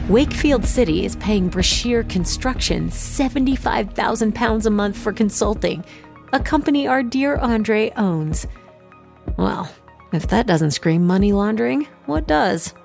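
A sardonic young hacker in an audio drama, muttering wry asides as she digs through data. Her voice has a gravelly edge, and a music score plays behind it. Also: medium pitch, darkish tone. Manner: wry, sardonic inner monologue. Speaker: hacker protagonist.

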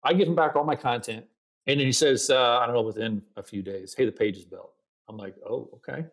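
A man's voice: medium pitch, brisk. A middle-aged man, a podcast guest, telling a story in casual interview talk and acting out his own quoted lines. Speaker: podcast guest, agency founder.

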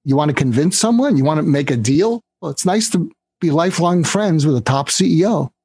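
A man's voice: a little high, a little fast, slightly rough. An older man telling a story as a guest in an interview, acting out the voices of the people in it. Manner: animated storyteller, acts out quoted voices. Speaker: guest, author.

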